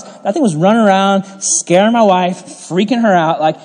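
A young man preaches a casual youth sermon in a fairly high voice. He rambles through jokey stories, leaning on "like" and laughing as he goes. The sound rings with the long reverb of a hall. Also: moderate pace, darkish tone. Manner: chatty, jokey, lots of "like", laughs while telling stories. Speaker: youth pastor.

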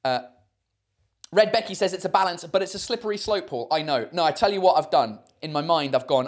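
A man's voice: fairly high pitch, animated, a little fast. A man hosting a casual livestream chat, rambling with many fillers and swearing freely. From United Kingdom. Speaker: host.

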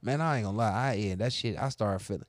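A man with a low voice tells crude stories in a loose, profane, boastful way. The sound is close and dry, with no room around it. He drawls through casual talk with a co-host. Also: fast talker, dry recording. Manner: profane, boastful, animated storyteller. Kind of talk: casual storytelling chat.

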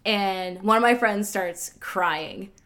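A woman's voice: mid-range voice, takes it slowly, a bit bright. A woman, a podcast guest, telling a story in casual chat with lots of "like" fillers. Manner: chatty, many "like" fillers.

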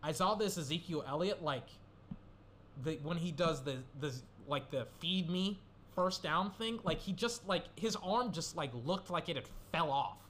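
A man's voice: a little high, normal speed, a bit bright, a little hiss or hum. A young man rambling through casual solo commentary, swearing and getting worked up as he goes. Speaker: gaming commentator.

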